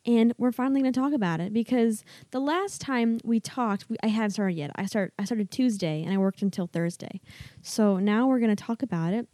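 A woman's voice: fairly high pitch, fairly quick, mellow, dry recording. A young woman co-hosting a podcast, chatting casually in a giggly, rambling way. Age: young adult. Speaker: podcast co-host. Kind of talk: casual chat.

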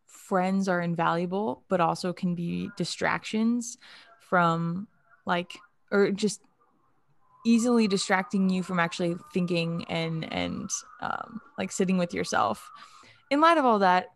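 Low, gravelly woman co-host. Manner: measured, thoughtful questioning. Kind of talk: conversational podcast talk.

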